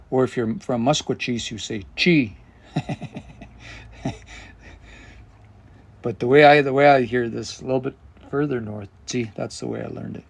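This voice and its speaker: Hosting a livestreamed language lesson, a man with a gravelly, fry-laden mid-range voice explains grammar while thinking aloud. Every so often he pauses to search for the right word.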